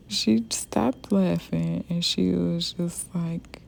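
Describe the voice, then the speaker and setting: A woman's voice: fairly low pitch, steady tone, slow, vocal fry, few pauses, a little hiss or hum. A young woman, a hairstylist, telling a personal story in a chatty, rambling way with lots of fillers. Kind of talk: casual storytime.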